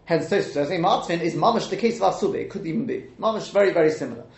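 A man teaching a Talmud class, questioning the texts out loud and mixing in Hebrew and Aramaic terms. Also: fairly high pitch, expressive, rapid-fire, gravelly, roomy sound.

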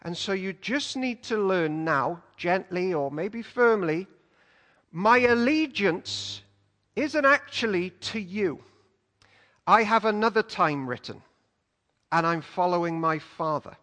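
A male preacher speaking the words of a firm, gentle teacher in a measured way. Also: sits high, expressive, full character voice. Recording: long hall reverb.

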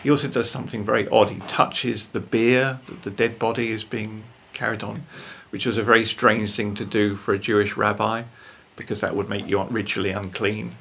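An older man, talking earnestly about faith as a guest, with a gravelly, husky voice and tag questions. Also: fairly low pitch, little pitch movement, normal speed, hardly any pauses, fairly bright tone, a little hiss or hum. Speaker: guest speaker.

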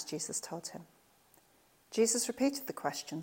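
Speaking in a mid-range voice at normal speed, a woman preaches a lively sermon in which she acts out the characters' voices.

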